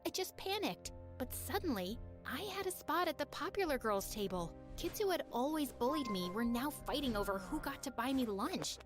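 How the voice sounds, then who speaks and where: Woman telling an animated storytime, bouncy higher voice, music playing under. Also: normal speed, few pauses. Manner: expressive, confessional. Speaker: narrator. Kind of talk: scripted storytime narration. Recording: narration over background music.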